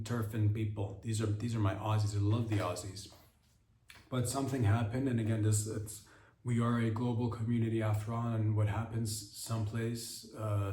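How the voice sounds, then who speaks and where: A man hosting a comedy podcast, delivering a rambling comic monologue full of deadpan innuendo and self-corrections. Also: fairly low pitch, reverberant.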